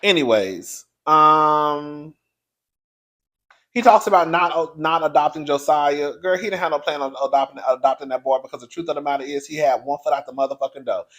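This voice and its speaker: A man hosting his own video show, giving a blunt, profane, animated commentary straight to his viewers. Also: a little high, moderate pace. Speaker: online show host reviewing reality TV.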